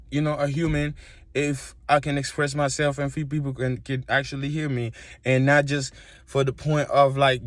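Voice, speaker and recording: A man vlogging from a coffee shop, rambling and emphatic as he fires off rhetorical questions to his viewers. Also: medium pitch. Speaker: vlogger and musician. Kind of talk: casual rant to camera. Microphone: phone camera.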